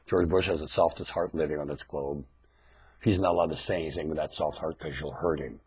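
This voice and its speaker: A man delivering a ranting webcam monologue into a webcam mic, swinging from low muttering to sudden shouted outbursts in a husky voice. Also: expressive, normal speed, pauses often.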